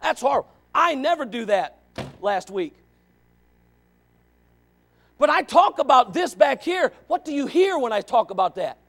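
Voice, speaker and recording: A man in his forties preaching a sermon in church, animated and questioning, swinging from loud to quiet. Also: very high-pitched, a little slow, pauses often. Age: 40s.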